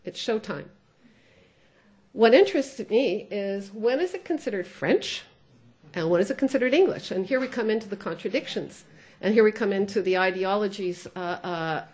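A woman's voice: mid-range voice, animated, moderate pace, darkish tone. Bilingual woman giving a lecture. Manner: thoughtful, switches between English and French, frequent "uh" fillers. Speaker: sociolinguist giving a talk. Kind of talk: conference lecture.

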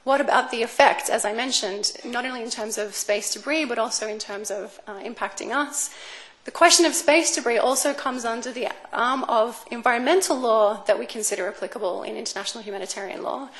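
A woman's voice: fairly high pitch, a bit bright. Woman giving an academic law talk. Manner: measured, with fillers and restarts. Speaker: speaker on space law. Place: lecture room.

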